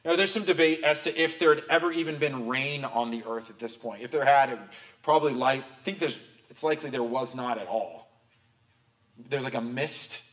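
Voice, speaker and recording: A man's voice: mid-range voice, moderate pace, a bit bright. Casual young male preacher. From Southern California. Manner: conversational, joking asides. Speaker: pastor. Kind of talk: sermon.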